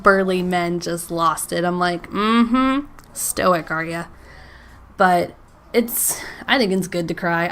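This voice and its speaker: A woman's voice: mid-range voice, vocal fry, fairly bright tone. Chatty woman podcaster, faint hiss. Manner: chatty, frequent "like" and "um", laughs between thoughts. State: emotional, near tears. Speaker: podcast host. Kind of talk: casual faith podcast monologue.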